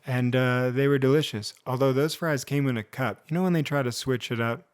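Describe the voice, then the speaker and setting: A young man hosting a comedic storytime vlog, telling a story with animated, acted-out moments. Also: medium pitch, brisk, clean tone. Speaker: storyteller host.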